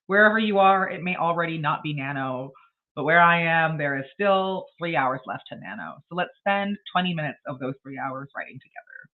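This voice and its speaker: A woman's voice: low-pitched, a little fast, phone-quality sound. A woman hosting a casual writing livestream, chatting bluntly and rambling with frequent laughs. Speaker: livestream host.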